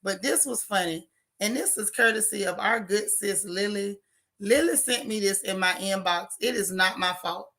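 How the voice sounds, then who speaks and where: Bright-voiced chatty woman streamer. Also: medium pitch, moderate pace. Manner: chatty, teasing, dramatic exclamations. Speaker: vlog host reading chat. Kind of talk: casual livestream chat.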